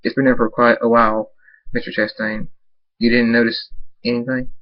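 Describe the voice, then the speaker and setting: A man voicing a calm, serious male doctor who speaks in a measured, matter-of-fact way. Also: medium pitch, highs cut off, lightly acted. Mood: grave.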